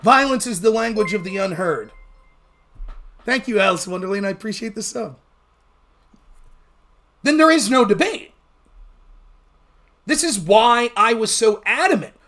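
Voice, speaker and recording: A man hosting a casual livestream, talking fast with a blunt, profane manner. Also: high voice, animated, bright, forceful tone. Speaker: livestream host.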